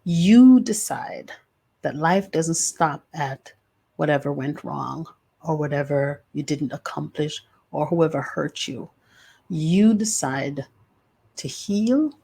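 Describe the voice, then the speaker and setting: A woman's voice: low voice, gravelly, darkish tone, slightly rough. Older woman telling her story. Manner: emphatic, drawn-out phrases. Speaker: podcast host and author. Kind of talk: personal storytelling monologue.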